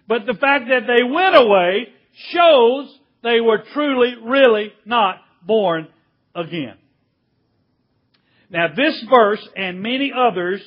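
Male preacher, very high voice, slow deliberate emphatic delivery, dull lo-fi recording. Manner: slow, emphatic preaching with drawn-out key words. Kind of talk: sermon.

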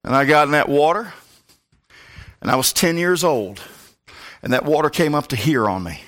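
A man's voice: fairly high pitch, moderate pace, a bit bright. A male pastor preaching a sermon, telling a personal story with comic asides.

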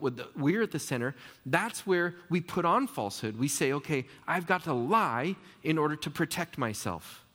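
A man's voice: on the high side, a bit bright, in a large hall. A man preaching a sermon as pastor, earnest and conversational, asking the listeners questions.

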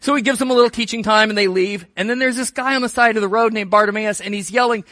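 A male pastor preaching in a relaxed, joking, storytelling way. His voice sits high and sounds bright. The sound is close and dry. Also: quick pace, hardly any pauses, no echo. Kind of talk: sermon.

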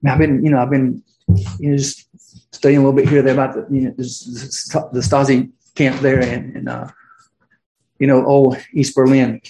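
A man's voice: medium pitch, level tone, normal speed, warm tone, slight background noise. A middle-aged man preaching a sermon as pastor, casual and conversational, full of fillers and restarts. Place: church sanctuary. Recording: roomy church echo.

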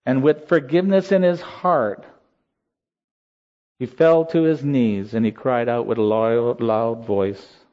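A man preaching a sermon in a slow, earnest voice that rises in emotional peaks. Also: medium pitch, fairly even intonation. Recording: slightly dull lo-fi sound.

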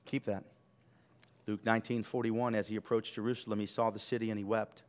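A male pastor preaching a sermon, swelling loud on key lines and dropping to a hush. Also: on the low side, little pitch movement, a little fast.

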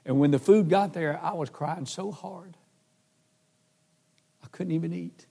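A man's voice: on the high side, a little slow, creaky, dark tone, breathy edge. A man preaching a sermon, earnestly telling his own testimony and acting out the dialogue. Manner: earnest, emotional, acts out dialogue. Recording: hall reverb.

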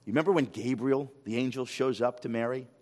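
A man preaching a sermon as a pastor, animated, firing rhetorical questions and repeating words when he gets excited. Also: medium pitch, quick pace. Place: church sanctuary. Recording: long hall reverb.

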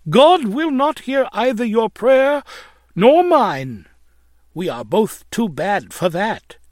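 A man's voice: extremely high pitch, big pitch swings, slow, mellow, no room sound, pitched above the performer's own voice, full character voice. A man voicing a despairing lodging-house woman who speaks anxiously and hopelessly, close to tears, in a dramatic reading of an old tract. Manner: anxious, then hopeless and tearful.

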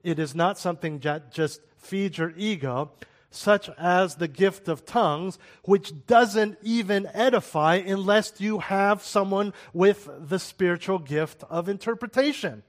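A man's voice: high voice, measured pace. A man giving a sermon-style Bible teaching in a conversational way, with rhetorical questions and asides.

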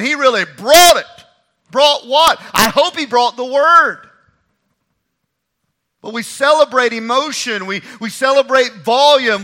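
A preacher, a man, delivers his sermon with great emphasis, repeating phrases to drive them home. His voice sits high and rings very bright. He swings between quiet, low-spoken lines and shouted climaxes.

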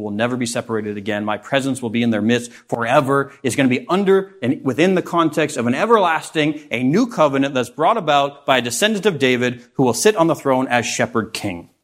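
Man teaching a Bible lesson. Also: medium pitch. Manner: expressive teaching with rhetorical questions to the class.

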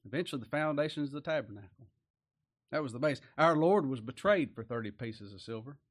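A man preaching a Bible sermon in a folksy way. He reads scripture aloud and swings between loud stresses and quiet asides. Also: mid-range voice, animated, fairly quick.

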